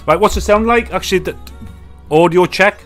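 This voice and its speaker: A man's voice: sits high, moderate pace, fairly bright tone, faint music behind. A man with a Northern English accent, hosting a casual live chat with friends and chatting loosely with plenty of swearing. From Northern England. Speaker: podcast host.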